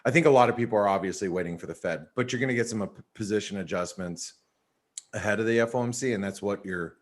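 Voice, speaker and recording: A man's voice: fairly low pitch, fast. A man hosting a trading webinar in casual, rambling commentary, tired and yawning, with lots of fillers. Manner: loose and rambling, many fillers. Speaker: webinar host.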